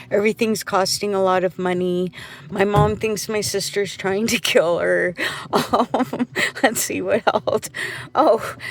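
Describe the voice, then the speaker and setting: A middle-aged woman who works as a janitor, venting in a rambling, profane monologue. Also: fairly low pitch.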